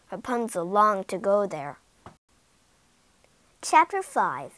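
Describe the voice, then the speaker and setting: Expressive woman reading a fairy tale. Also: on the high side, unhurried, no echo, low-quality recording. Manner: expressive, dramatic. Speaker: storyteller. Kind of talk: storybook narration.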